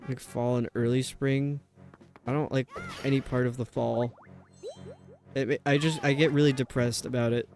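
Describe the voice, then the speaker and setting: Male streamer, mid-pitched, loose rambling chat over quiet game music. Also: little pitch movement, normal speed, pauses often. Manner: rambling, chatty, reads chat aloud. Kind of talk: casual chat while gaming.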